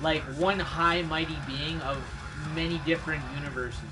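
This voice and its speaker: A man's voice: fairly high pitch, fairly even intonation, moderate pace, noisy background. A man streaming, chatting casually in a laid-back way, swearing often and laughing at his own stories. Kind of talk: casual rambling chat. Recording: music playing in the background. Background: music.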